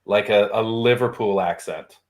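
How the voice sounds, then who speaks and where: A man's voice: on the low side, normal speed. A man as a guest in a casual chat, wry and dry.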